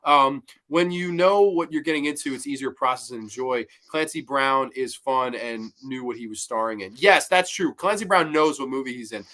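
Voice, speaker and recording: A man hosting a podcast, casually reviewing horror movies in an animated way, swearing freely and laughing as he retells scenes. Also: mid-range voice, normal speed, hardly any pauses. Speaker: podcast host.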